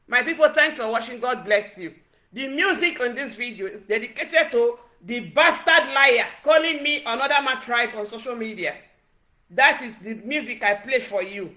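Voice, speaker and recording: High, bright-voiced Nigerian woman scolding. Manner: scolding, repetitive, Pidgin-laced. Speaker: vlogger. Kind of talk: direct-to-camera rant.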